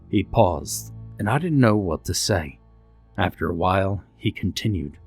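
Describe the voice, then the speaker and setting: A man narrates a horror story in the first person, keeping his telling measured and dramatic. His voice sits low and moves slowly. Faint music plays underneath. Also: animated, gravelly, slightly rough.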